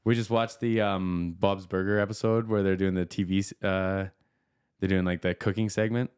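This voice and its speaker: A man's voice: deep voice, steady tone, moderate pace, darkish tone, clean tone. A man hosting a podcast live stream, talking casually, full of fillers and easy laughs. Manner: chatty, laughs easily, many fillers. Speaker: podcast host.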